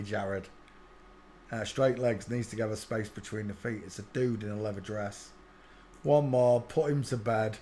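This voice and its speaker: A man hosts a live stream and talks over video clips. His voice sits at an ordinary middle pitch. He is emphatic and repeats the same checklist in a chanting rhythm. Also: darkish tone. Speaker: channel host.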